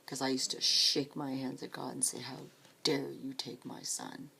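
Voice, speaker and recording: A woman telling her own story of supporting grieving people, speaking softly and often dropping to a whisper, tearful at times. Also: extremely low pitch, flat delivery, normal speed, vocal fry, a little hiss or hum. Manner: soft, hushed, often breaking into a whisper. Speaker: grief support volunteer. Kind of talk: personal storytelling.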